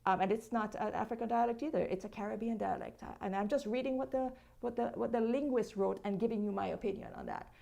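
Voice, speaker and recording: A woman's voice: a little high, steady tone, fast, vocal fry, hardly any pauses, dark tone. A Jamaican woman from Jamaica, a social media creator, speaking as a guest in a conversational interview and firmly explaining her position.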